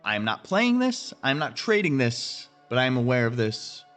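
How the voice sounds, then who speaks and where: A man's voice: mid-range voice, sing-song, moderate pace, a bit bright, faint music behind. A man hosting a crypto trading channel, talking straight to viewers in a blunt, profane, emphatic rant while he walks through his chart analysis.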